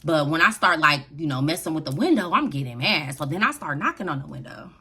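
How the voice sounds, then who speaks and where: Animated woman telling a slangy story. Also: low voice, quick pace, husky. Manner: animated, slangy, laughing often. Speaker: vlogger. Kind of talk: storytime vlog.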